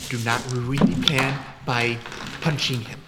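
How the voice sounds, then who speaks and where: A player in a tabletop role-play who speaks with deliberate, formal phrasing. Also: mid-range voice, fairly even intonation. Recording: echoey noisy room.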